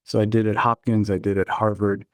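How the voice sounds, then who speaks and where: Middle-aged guy, low voice, laid-back storytelling, dry close sound. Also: brisk, no echo. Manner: relaxed anecdotal storytelling. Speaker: guest, chief innovation officer. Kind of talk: storytelling interview answers.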